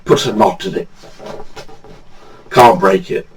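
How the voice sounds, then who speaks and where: Husky older man telling stories. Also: sits low, slow pace, rough recording. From England, Badsey. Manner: chatty, laughs at his own stories. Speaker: storyteller. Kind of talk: casual anecdote telling.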